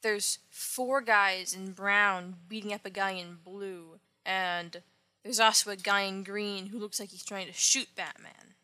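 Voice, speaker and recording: A woman's voice: mid-range voice, bright, forceful tone, no echo. A woman casually retelling an old comic book story, with wry offhand asides. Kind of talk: casual comic recap narration.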